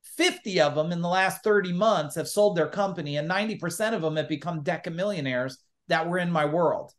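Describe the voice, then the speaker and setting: A middle-aged man, a business coach, telling stories in a podcast interview with an animated, emphatic delivery and acted-out quotes. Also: a little high, a little fast.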